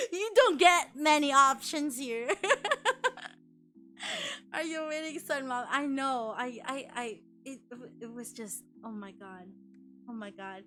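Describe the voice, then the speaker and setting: A high, bright-voiced young woman chatting on a stream at her desk mic. She rambles casually, swears freely and breaks into laughter often. Faint music plays under her voice. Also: unhurried. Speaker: VTuber streamer.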